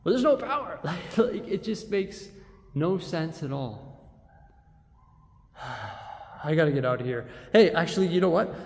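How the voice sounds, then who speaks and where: A man with a slightly high voice vlogs into a handheld camera, rambling and exasperated as he talks straight to the lens. His voice rings with a long reverb tail, as in a big empty room. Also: expressive, measured pace, long pauses, a little mellow. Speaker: vlogger. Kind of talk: casual vlog. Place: empty building with reverb, later a big store.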